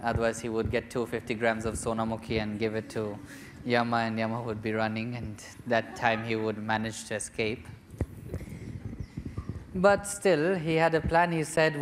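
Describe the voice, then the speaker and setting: A man, a spiritual teacher, telling a story to a young seminar group in a lively, joking manner. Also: medium pitch, measured pace, pauses often, a little hiss or hum. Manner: lively, chatty, jokes and acts out quotes.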